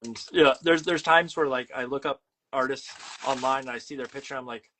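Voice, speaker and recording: A man's voice: mid-range voice, a little fast, bright, forceful tone, a little hiss or hum, low-quality recording. A man hosting a podcast, talking casually with lots of fillers and an upbeat manner. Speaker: podcast host. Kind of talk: casual interview chat.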